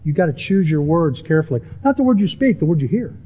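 Emphatic husky man preaching a sermon. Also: fast. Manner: animated, emphatic preaching with rising pitch on key words. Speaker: pastor. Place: church sanctuary with a congregation. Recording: dull, lo-fi sermon audio.

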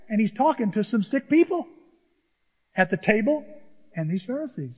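A male pastor preaching a sermon, animated and acting out the people he quotes. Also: high voice, normal speed, husky. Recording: dull sound in a large reverberant hall.

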